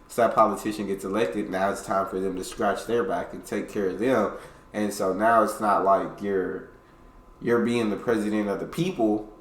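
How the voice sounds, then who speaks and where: A man hosting a reaction video, talking casually and emphatically, getting loud on some points and dropping quiet on others. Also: lowish voice. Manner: emphatic, conversational, swings between loud and quiet. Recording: echoey room.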